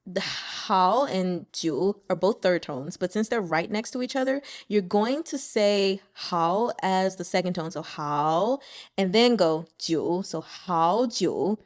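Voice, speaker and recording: A woman in a casual chat after reading web novel chapters aloud. She is playful and giggly, addressing the characters directly. Her voice sits at an ordinary middle pitch. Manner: chatty, playful, laughs often, talks to characters directly. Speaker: web novel audiobook reader.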